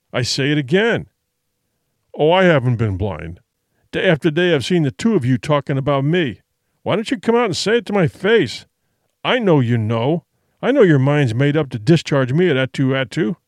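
Man doing a drunken sea captain, hoarse, snarling, resentful, loud, animated. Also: on the high side, moderate pace, dry recording, studio quality. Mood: bitter, accusing. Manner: snarling, accusing. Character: hostile drunken male ship captain, resentful.

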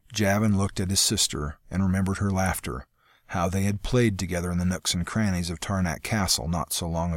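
Male audiobook narrator, low register, dry close recording, steady pacing. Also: dry recording. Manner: steady, measured storytelling. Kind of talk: scripted fantasy narration.

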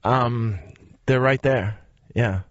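A man's voice: medium pitch, slow, dry recording, muffled recording. A man with a Boston accent, a comedian guest answering easygoing and laughing often. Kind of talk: casual interview chat.

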